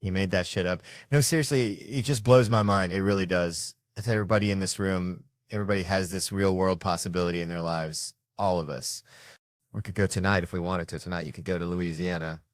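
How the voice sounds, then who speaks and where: A man performing an animated, profane stand-up comedy routine on a handheld stage microphone. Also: low-pitched, brisk, no echo.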